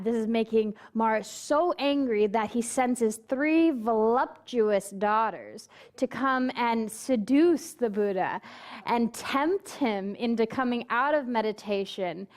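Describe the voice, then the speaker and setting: Preaching at a measured pace, this minister has a slightly high voice. She narrates a story, voices the characters she quotes, and directly asks her congregation questions.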